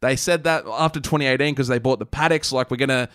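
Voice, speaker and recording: A man's voice: mid-range voice, fast, fairly bright tone, clear, resonant tone, dry recording. A young Australian man co-hosting a casual podcast, trading dry jokes and opinions. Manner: dry, joking asides. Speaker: podcast co-host. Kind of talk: casual chat.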